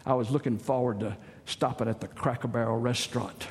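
A man's voice: mid-range voice, steady tone, brisk. A middle-aged man from the States, preaching a sermon in a folksy, joking, storytelling way. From Southern United States. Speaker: pastor. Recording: long reverb of a large hall.

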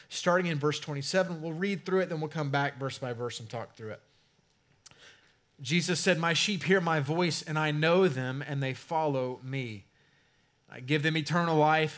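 Conversational, slightly high-voiced male preacher. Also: fairly bright tone. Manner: conversational preaching with emphatic swells and drawn-out stresses. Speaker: pastor. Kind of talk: sermon.

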